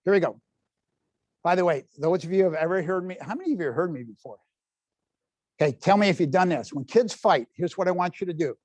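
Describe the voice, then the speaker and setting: Older man in his seventies, parenting workshop talk, higher-pitched voice, dry close sound, keeps quizzing the crowd. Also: fast, no room sound. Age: 70s. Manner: lively, quizzes the audience, folksy asides. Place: public library meeting room.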